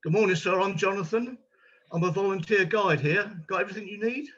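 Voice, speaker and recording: A man's voice: high voice, brisk, fairly bright tone, lo-fi sound. A man playing an anxious, kind-hearted volunteer gallery guide who hesitates and stumbles over his words, in an amateur stage drama. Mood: eager.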